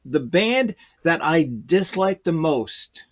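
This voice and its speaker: A man's voice: fairly high pitch, expressive, slow, muffled recording. A man guest chatting casually in a rambling, hesitant way, full of fillers. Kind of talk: casual chat.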